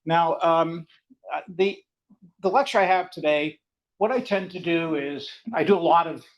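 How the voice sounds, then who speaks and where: An older man with a Canadian accent giving an academic seminar lecture in a fast, rambling, conversational way. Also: on the high side, dull audio. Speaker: guest lecturer.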